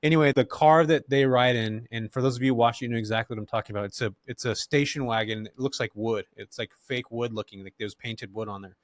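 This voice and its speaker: A middle-aged man from California, a podcast guest who tells stories in a relaxed, slangy way and laughs often. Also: medium pitch, quick pace, hardly any pauses, no room sound, clean studio sound. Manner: laid-back, slangy, animated, laughs often. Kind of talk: casual interview storytelling.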